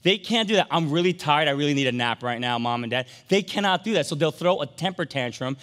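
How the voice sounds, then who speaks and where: A middle-aged man preaching a sermon as pastor, animated, swinging from emphatic peaks down to soft, quiet storytelling. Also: fairly high pitch. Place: large church sanctuary. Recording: long hall reverb from a church sanctuary.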